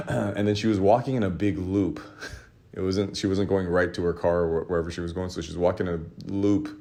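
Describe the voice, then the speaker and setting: A man casually telling a rambling, self-mocking story, with laughs and shouted re-enactments. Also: deep voice, steady tone, fairly quick. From Los Angeles area. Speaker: artist telling a story to his audience.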